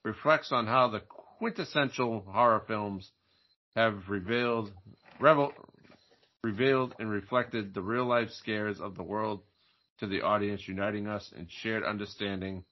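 A man's voice: lowish voice, normal speed. A man co-hosting a movie podcast, reading horror news aloud in a casual joking way and tripping over words. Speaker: podcast co-host. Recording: dull lo-fi sound.

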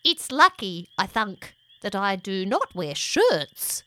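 A woman voicing a playful, mud-loving young female ghost creature in a sing-song, squeaky storybook voice. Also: big pitch swings, slow, bright, forceful tone, no room sound, exaggerated voice. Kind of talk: storybook audio reading.

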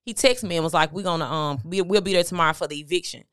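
Smooth, low-voiced woman telling her story. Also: fast talker, fairly bright tone, no room sound, clean studio sound. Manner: conversational, recounting with quoted dialogue. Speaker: guest, motivational speaker. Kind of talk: candid storytelling interview.

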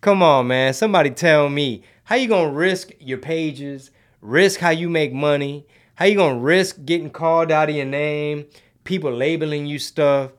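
At a moderate pace, a man with a smooth, fairly high-pitched voice hosts a casual livestream and reads through the live chat. He rambles in relaxed slang and slips into Spanish now and then.

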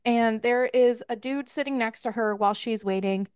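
Woman, chatty book-podcast host, fairly high voice, dry close sound, swears freely. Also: moderate pace, a little mellow, clean tone, no echo. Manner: chatty, swears freely, recaps plots with laughs. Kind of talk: casual book review chat.

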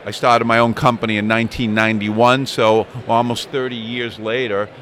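Telling stories in a casual chat, a small business owner in his sixties swears occasionally. He speaks at normal speed in a medium-pitched, slightly bright voice with little pitch movement, while outdoor crowd chatter plays in the background.

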